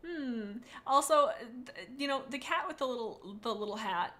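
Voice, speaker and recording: A woman's voice: high voice, animated, moderate pace, a bit bright, a little hiss or hum. A woman chatting on a live stream, rating viewers' cats, reading chat aloud in a bubbly, rambling, playful way.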